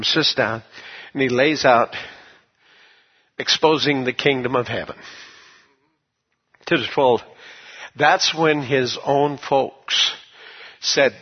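A man preaching a sermon, telling a folksy story and rising into loud shouts of praise. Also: medium pitch, slightly rough. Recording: dull lo-fi sermon recording.

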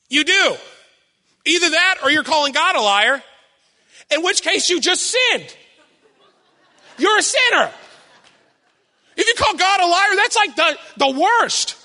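A young man giving a sermon with personal stories, loud and animated, self-deprecating and acting out what people say. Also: very high-pitched, moderate pace, long pauses, in a large hall. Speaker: preacher.

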